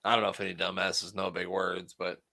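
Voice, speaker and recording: A man's voice: deep voice, little pitch movement, brisk, creaky, pushed and bright. A man co-hosting a casual wrestling podcast, joking, swearing freely and laughing often. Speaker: podcast co-host. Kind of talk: casual chat watching wrestling.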